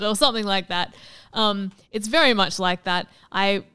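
Smooth-voiced woman chatting on stream. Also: mid-range voice, brisk, bright, forceful tone, dry recording, clean studio sound. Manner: chatty, laughs often, swears freely. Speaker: streamer co-host. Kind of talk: casual chat over gameplay.

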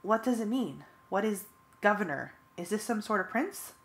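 A woman's voice: medium pitch, lively intonation, normal speed, lightly acted. A woman voicing a young male alien who asks stiff, formal questions. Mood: puzzled. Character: earnest alien male youth, formal, puzzled.

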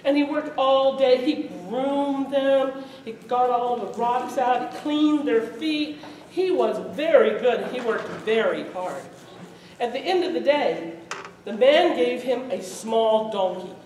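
A woman storyteller telling a folk tale to a live audience, lively and often laughing as she acts it out, in a festival hall. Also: fairly high pitch, takes it slowly. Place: event hall at a medieval arts festival. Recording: echoey hall from far off.

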